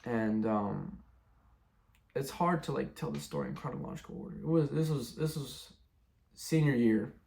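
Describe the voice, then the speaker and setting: A young man speaking at an ordinary middle pitch, telling his own story in a loose, casual way. He rambles and circles back, and fills his sentences with "like" and "bro". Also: normal speed, gravelly, a little mellow. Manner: rambling, many fillers like "like" and "bro". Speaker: testimony speaker. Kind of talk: casual personal testimony.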